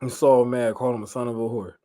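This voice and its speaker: A man, leading an informal Bible study, animated and repeating phrases for emphasis. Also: mid-range voice, fast talker. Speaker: Bible teacher.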